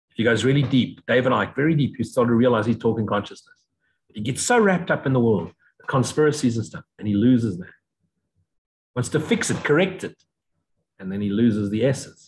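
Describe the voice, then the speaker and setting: A man giving an unscripted spiritual lecture, blunt and profane, mocking other views in sudden high voices. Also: expressive, brisk, rough recording. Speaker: spiritual teacher.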